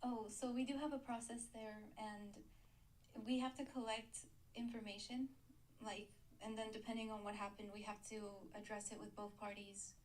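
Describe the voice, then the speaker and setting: A woman's voice: on the high side, flat delivery, normal speed, a little hiss or hum, poor audio. A woman trainee practicing customer service calls, polite and a little hesitant.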